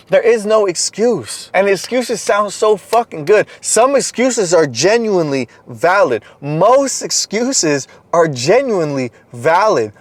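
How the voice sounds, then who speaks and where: A man delivering an intense, profane motivational monologue in a fairly high voice. He swings from loud, pushy urging to low, quiet passages, all recorded dry and close. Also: no echo. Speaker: motivational content creator.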